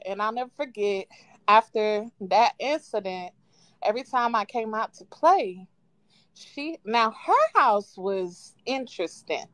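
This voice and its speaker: A woman calling in to a live show, casually telling a childhood story with lively quoted voices and frequent laughs. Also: medium pitch, slow, no echo. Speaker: caller. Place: at home on a live call. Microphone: phone.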